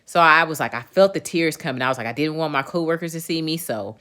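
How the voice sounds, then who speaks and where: A woman's voice: sits low, quick pace, pushed and bright. Candid, swearing woman venting to viewers. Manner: candid, profane and emphatic; talks straight to viewers, often asks "you know what I'm saying". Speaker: livestream host. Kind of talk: casual venting chat.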